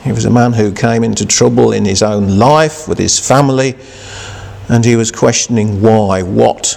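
A man preaching a sermon who reads scripture, then speaks haltingly with many restarts and fillers. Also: on the low side, steady tone, vocal fry, darkish tone, in a large hall.

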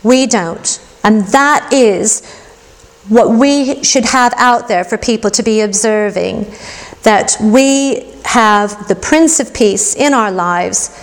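A woman's voice: on the high side, slow. A middle-aged woman preaching a sermon in an earnest, reflective way and telling a personal story. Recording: long hall reverb.

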